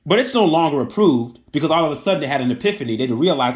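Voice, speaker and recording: A man's voice: fairly high pitch, expressive, quick pace. A man delivering an indignant, emphatic opinion rant that repeats its points for emphasis. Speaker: online commentator.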